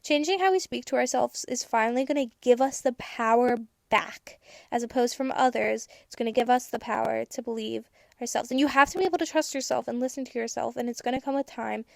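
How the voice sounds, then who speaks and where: A teenage girl hosting a podcast, giving candid, chatty advice with casual swearing and bursts of excitement. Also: a little high, brisk, gravelly, no room sound, clean studio sound. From United States. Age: teens. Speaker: podcast host.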